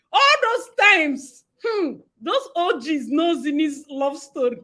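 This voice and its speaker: A woman's voice: sits high, expressive, slow pace, hardly any pauses, bright, forceful tone. Chatty Nigerian woman hosting a livestream. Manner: chatty, greets viewers by name, laughs often. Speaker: livestream host. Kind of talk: casual live-stream chat.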